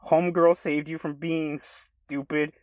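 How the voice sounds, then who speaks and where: A man's voice: fairly high pitch, little pitch movement, a little slow, darkish tone, no room sound, pitched above the performer's own voice, lightly acted. A man voicing a brash, mocking young man in a band, in a read-aloud story. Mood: teasing. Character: loud teasing young man bandmate.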